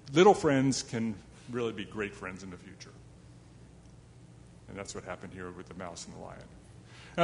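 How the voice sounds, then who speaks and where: A man of mid-range pitch tells an old fable to a young audience, chatty and self-deprecating, with asides to his listeners. His voice rings with a long hall reverb, and a faint hum sits underneath. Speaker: storyteller.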